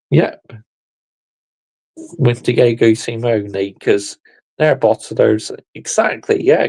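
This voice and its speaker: A man's voice: medium pitch, creaky, breathy edge, poor audio. A young man hosting a casual football reaction chat, laid-back and amused. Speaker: host.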